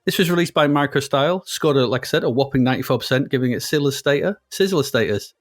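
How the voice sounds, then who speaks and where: A man's voice: medium pitch, expressive, fast talker. A man co-hosting a retro games podcast, rambling and fond of puns. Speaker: podcast co-host. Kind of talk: casual chat about retro games.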